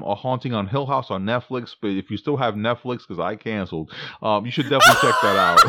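A man's voice: mid-range voice, bright, forceful tone, no echo. A man co-hosting a casual podcast chat, rambling through film news and laughing at his own slips. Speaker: podcast co-host.

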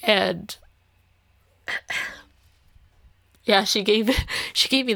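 A woman's voice: mid-range voice, takes it slowly, creaky, pauses often, fairly bright tone, dry recording, studio quality. A young adult woman casually telling a dating story, full of "like" fillers and light laughs. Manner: chatty, heavy filler use of "like", frequent light laughs.

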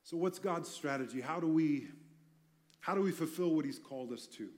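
A man preaching a passionate sermon, swinging between loud emphasis and quiet intensity, with light humorous asides. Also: fairly high pitch, moderate pace.

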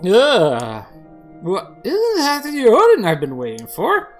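A woman voicing a cheerful, tipsy man at a food cart in a video game, loud and drawn out. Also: medium pitch, wildly swooping pitch, takes it slowly, faint music behind, pitched above the performer's own voice, exaggerated voice. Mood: boisterous. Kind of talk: video game voice-over reading.

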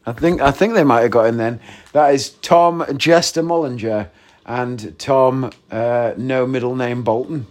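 Gaming at home while recording, a man hosts a casual podcast, joking and wandering off on tangents. His voice sits mid-range with a darkish tone, and he talks a little slowly.

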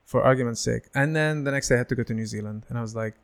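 Animated storytelling man in his thirties. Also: mid-range voice, racing, vocal fry. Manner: animated, acts out quoted voices. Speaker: stand-up comedian, guest. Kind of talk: casual storytelling chat.

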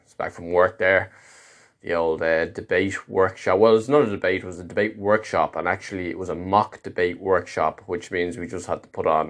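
A man's voice: deep voice, a bit bright. A man delivering a casual, meandering monologue, wry and self-interrupting as he talks. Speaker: monologue host.

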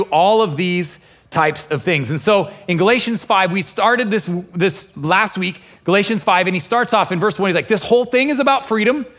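A pastor preaching a lively sermon, acting out inner voices and quoting scripture with feeling. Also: male voice, sits high. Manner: animated, acts out inner voices and quotes. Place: church, also streamed online.

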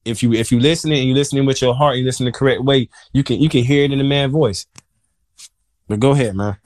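A man's voice: medium pitch, fast talker, a little mellow, no room sound. A man hosting a podcast, talking casually and earnestly, repeating phrases for emphasis. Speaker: podcast host.

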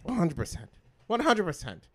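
Man, podcast co-host, casual chat, excitable, swearing a lot, slightly high voice. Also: normal speed, crowd noise. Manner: animated storyteller, swings from mumbling to loud; heavy profanity, excitable.

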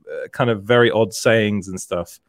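A man's voice: lowish voice, normal speed, dry recording. Male stream co-host, laughs a lot, reads the chat, dry close sound. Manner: laughs often, reads out comments. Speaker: podcast co-host reading chat. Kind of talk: casual live-stream chat.

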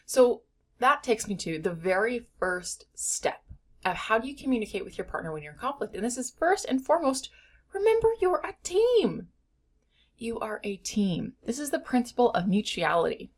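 A woman's voice: on the high side, very animated, moderate pace. Earnest woman teaching about couples. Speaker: relationship educator. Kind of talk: explanatory talk on couples conflict.

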